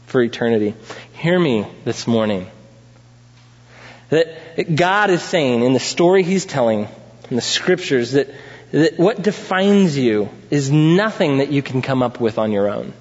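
A man's voice: mid-range voice, lively intonation, a little slow. Emphatic man preaching in a hall. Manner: emphatic, rising to loud peaks, asks the congregation questions. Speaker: pastor. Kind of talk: sermon. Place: church sanctuary. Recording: dull sound in a reverberant hall.

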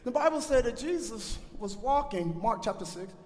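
A man preaching a sermon as pastor, swinging from shouted peaks to quiet asides. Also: extremely high pitch, animated, moderate pace. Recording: long hall reverb.

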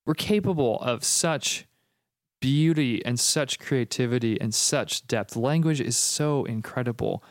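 A man's voice: medium pitch, expressive, unhurried, no echo, clean studio sound. A man co-hosting a faith podcast in casual conversation, playful and enthusiastic, drifting into reflective musings. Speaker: podcast co-host.

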